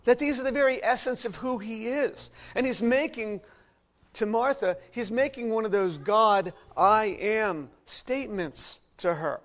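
A man with a high voice delivers a sermon. He preaches expressively and lets his volume rise to emphatic peaks, then drop to near-hushed passages. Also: normal speed. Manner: expressive preaching with wide swings in loudness. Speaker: pastor.

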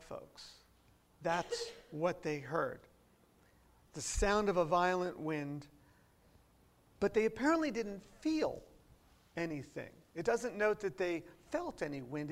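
High-voiced gravelly preacher. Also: male voice, fairly bright tone. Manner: explains verse by verse, asks rhetorical questions. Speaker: pastor. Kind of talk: expository sermon. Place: church before a seated congregation.

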